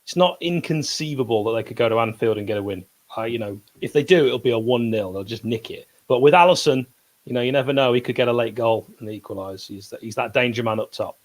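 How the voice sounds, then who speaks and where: A man's voice: medium pitch, fast, low-quality recording. A man giving football opinions on a podcast, stubborn and jokey, with lots of fillers. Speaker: pundit. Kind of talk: casual football podcast chat.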